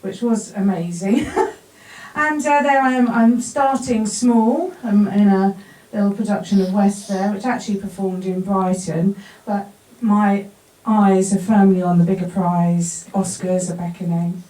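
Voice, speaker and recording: A woman's voice: medium pitch, steady tone, unhurried, dark tone. A woman, an actor telling a humorous personal story to a live audience, laughing often at herself. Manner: self-deprecating, laughs often at her own story. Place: bar event space before an audience. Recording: roomy sound from a distant mic.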